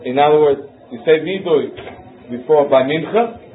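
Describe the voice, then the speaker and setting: A man's voice: a little high, moderate pace. Man teaching over a tinny line. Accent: Ashkenazi Hebrew pronunciation. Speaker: Torah teacher. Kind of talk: halachic lesson. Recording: phone-line lesson recording with faint noise.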